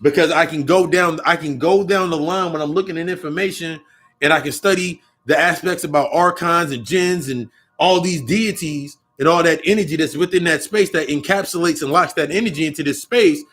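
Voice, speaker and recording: A young man muses aloud in a loose spiritual monologue, swearing freely and circling back over his own words. His voice sits a touch high for a man, with faint music under it. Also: brisk, a bit bright. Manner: profane, rambling, repeats and restarts phrases. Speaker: occult vlogger.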